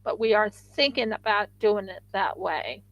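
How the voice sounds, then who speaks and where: A woman's voice: mid-range voice, a little slow, lo-fi sound. A woman hosting a craft livestream, chatting casually and rambling with frequent restarts.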